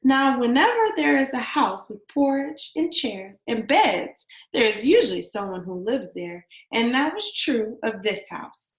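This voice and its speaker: A woman reading a children's story aloud in an expressive, sing-song storytelling manner. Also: fairly high pitch, a little slow, few pauses, reverberant. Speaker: storybook reader.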